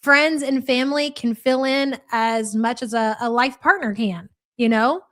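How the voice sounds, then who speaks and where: A woman's voice: fairly high pitch, unhurried, fairly bright tone. A woman hosting a live reaction stream, reading chat and ranting in a blunt, profane, mocking way. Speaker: livestream reaction host.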